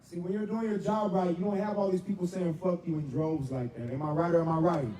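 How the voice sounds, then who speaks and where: A man with a very high voice leads a street protest, shouting a rally speech and call-and-response chants. He is picked up from some distance away. A loud, noisy crowd fills the outdoor street around him. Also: steady tone, fairly quick, echoey room. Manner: shouting, repeats "am I right or am I right". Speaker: protest leader. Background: loud crowd noise.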